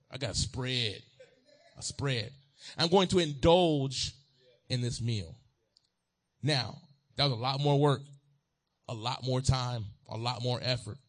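Folksy preacher man, low voice. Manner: folksy, playful, talks straight to the congregation. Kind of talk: sermon.

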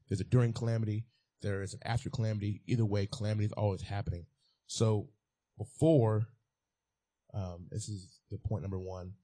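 A man's voice: on the low side, steady tone, brisk, mellow. A man preaching a sermon as a pastor, repeating key phrases and building to emphatic peaks.

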